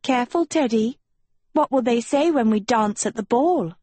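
A woman doing a scheming teen girl, high sing-song voice, coaxing, audiobook, husky, dry sound. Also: lively intonation, normal speed, dark tone, dry recording. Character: scheming proud teenage girl, sweetly menacing. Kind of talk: audiobook character voice.

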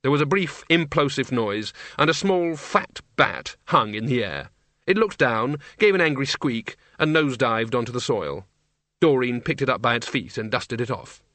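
A man reading a novel aloud in measured, dry scripted narration. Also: medium pitch, animated, fairly bright tone, dry recording. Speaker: audiobook narrator.

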